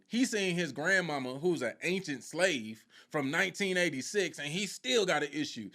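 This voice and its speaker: Animated man retelling a show. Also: sits high, moderate pace, few pauses. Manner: lively storytelling with quoted voices. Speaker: faith teacher. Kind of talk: animated live teaching.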